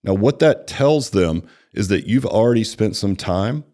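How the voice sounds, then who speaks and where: A personal training franchise executive with a lowish voice gives a conversational sales training talk, coaching staff on the sales conversation in an easy, talky way. He acts out both sides of the client meeting with animated shifts and keeps checking in with a quick "right?".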